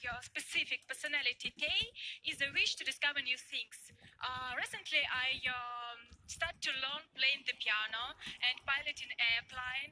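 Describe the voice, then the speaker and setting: A woman's voice: high-pitched, bright, forceful tone, rough recording. A woman from Belarus, a pageant contestant, answering hesitantly with many fillers.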